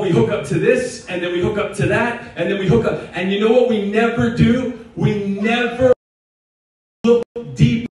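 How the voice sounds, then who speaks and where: A man preaching a sermon as pastor in a church, impassioned and at times shouting with laughter. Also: high-pitched. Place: church sanctuary. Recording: echoey hall from far off. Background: congregation responding.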